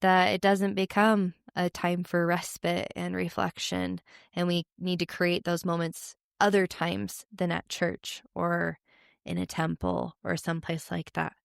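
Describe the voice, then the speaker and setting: Young woman, interview host, reflective and encouraging, low voice with vocal fry. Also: little pitch movement, measured pace, no echo, studio quality. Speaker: podcast host. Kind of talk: casual interview chat.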